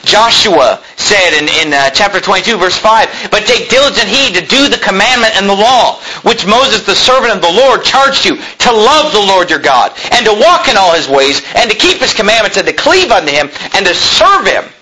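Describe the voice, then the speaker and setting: A middle-aged man preaching a sermon, reading scripture aloud and swinging between loud emphatic peaks and low asides. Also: big pitch swings, normal speed, few pauses, slight background noise, low-quality recording. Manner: reads scripture aloud in King James wording. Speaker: pastor.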